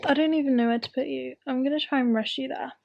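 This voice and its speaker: A woman's voice: high-pitched, fairly even intonation, quick pace, gravelly, darkish tone, muffled recording, a little hiss or hum. A young adult woman, chatting casually in a vlog, rambling and poking fun at herself. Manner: self-deprecating, rambling, thinks aloud. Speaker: book vlogger.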